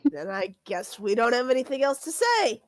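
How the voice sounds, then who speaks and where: A woman's voice: on the high side, sing-song, moderate pace, no echo, pitched above the performer's own voice. A woman voicing a surly, defiant young woman who answers with cold taunts in a tabletop game.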